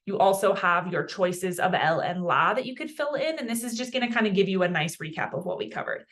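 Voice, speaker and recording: A young woman teaching a casual beginner language lesson in a chatty, self-deprecating, animated way. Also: mid-range voice, a little fast. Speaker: Spanish teacher.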